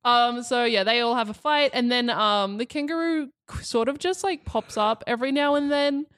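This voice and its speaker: A woman's voice: on the high side, moderate pace, a bit bright, no echo, studio quality. A woman co-hosting a casual podcast, recounting a story with frequent laughter and fillers. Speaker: podcast co-host. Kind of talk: casual chat.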